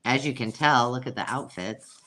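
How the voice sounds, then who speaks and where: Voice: mid-range voice, moderate pace, bright, forceful tone. A host chatting casually through a live sale, self-mocking and cooing over old pictures. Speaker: host selling vintage books.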